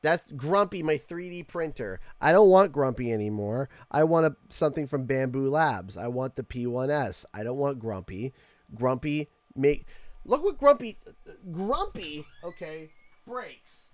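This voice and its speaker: A man's voice: medium pitch, sing-song, measured pace, darkish tone, no echo. A Canadian man hosting a casual live stream from his home room, joking and playfully complaining at his desk mic. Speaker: streamer host.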